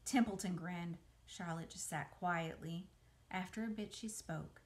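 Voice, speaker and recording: A woman, a museum educator, reading a children's book aloud in a slow, gentle storytelling way. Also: fairly low pitch.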